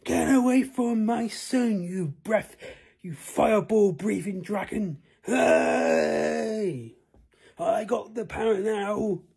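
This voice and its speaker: A man voicing a brave knight father who shouts at a dragon. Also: high-pitched, animated, slow pace, gravelly, husky, voice pushed up, heavily acted. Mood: defiant. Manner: shouting battle cries.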